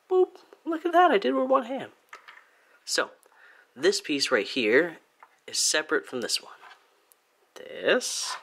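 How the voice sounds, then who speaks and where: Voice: mid-range voice, sharp tone. A speaker from Germany giving a casual hands-on review of a toy figure, chatty and playful, with little sound effects along the way.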